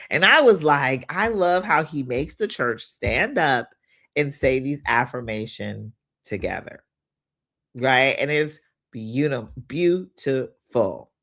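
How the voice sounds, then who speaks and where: A woman's voice: rumbling low, fairly bright tone. A woman hosting a motivational livestream, leading call-and-response affirmations and drawing out each repeated line.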